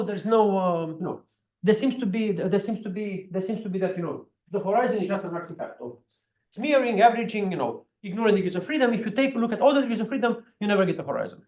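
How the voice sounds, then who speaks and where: A man giving a physics seminar talk, animated and full of fillers like "you know". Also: sits high. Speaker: physics speaker. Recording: echoey room, dull lo-fi sound.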